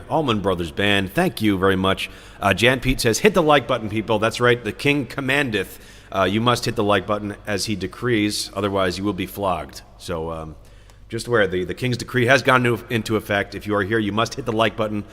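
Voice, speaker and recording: A man's voice: lowish voice, a little fast, a bit bright, long reverb tail. A man hosting a live music stream, chatting casually between songs, rambling and joking as he reads viewer comments aloud.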